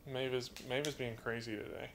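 A man with a raspy voice hosting a casual live Q&A stream from home, in a loose, rambling way, reading chat messages aloud and talking to his pet birds. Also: mid-range voice, little pitch movement, fairly quick, fairly bright tone, slight background noise.

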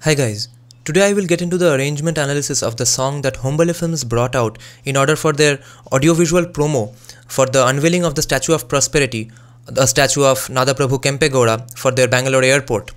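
A man's voice: medium pitch, fast talker, soft background music. A young man from Bengal with a Bengali accent, talking in a casual, opinionated commentary style and often asking rhetorical questions. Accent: Bengali-accented English. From Bengal, India. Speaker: music analysis YouTuber.

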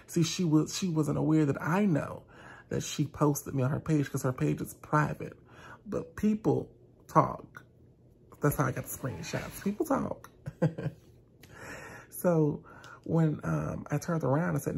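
A vlogger telling a dramatic storytime, acting out both sides and slowing down to stress key lines. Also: medium pitch, vocal fry, darkish tone, husky. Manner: dramatic retelling, slows down for emphasis, acts out both sides. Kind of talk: storytime vlog.

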